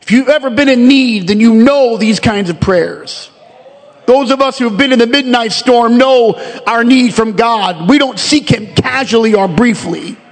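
A man with a high voice preaches a sermon, starting measured and reflective, then rising into fervent, pleading cries. His words ring out with a long reverb around a church sanctuary. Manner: builds from quiet reflective reading to impassioned pleading. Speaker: pastor.

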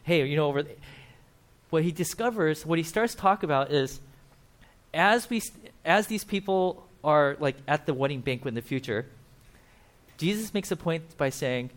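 A man's voice: on the high side, lively intonation, moderate pace. A man preaching a casual sermon, chatty and full of fillers, often acting out quoted voices. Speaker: pastor.

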